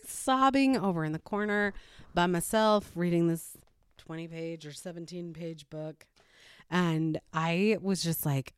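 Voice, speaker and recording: A woman's voice: lowish voice, a little mellow, dry recording, clean studio sound. Chatty woman retelling a folktale. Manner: chatty, laughs often, uses "like" and "right?". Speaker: adoptive parent sharing a story. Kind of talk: casual retelling and reflection.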